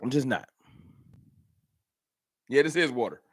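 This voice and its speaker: A man's voice: mid-range voice, expressive, measured pace, husky, no echo, clean studio sound. A man hosting a casual fan livestream, talking straight to his chat viewers. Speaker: livestream host. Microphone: camera mic.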